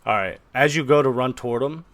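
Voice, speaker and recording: The game master here is a man with a mid-range, slightly bright voice who talks fairly quickly. His narration of the tabletop game is loose and full of fillers like "kinda" and "like."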